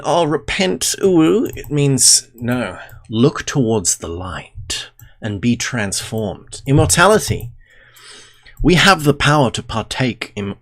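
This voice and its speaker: A man hosting a livestream, reading a book aloud and breaking off into rambling, jokey asides. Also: medium pitch. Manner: rambling, jokey asides between read passages. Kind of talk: casual livestream reading and commentary. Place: home room, window half open.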